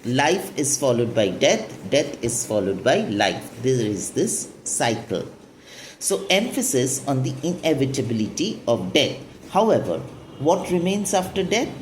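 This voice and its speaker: A woman's voice: very deep voice, big pitch swings, unhurried, slight background noise. A woman teaching a poetry lesson, explaining the lines and asking and answering her own questions. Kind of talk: literature lesson explaining a poem.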